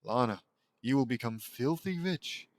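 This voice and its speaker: A man voicing a gloomy gothic girl who reads tarot cards, with flat, ominous, slow delivery. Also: mid-range voice, no echo.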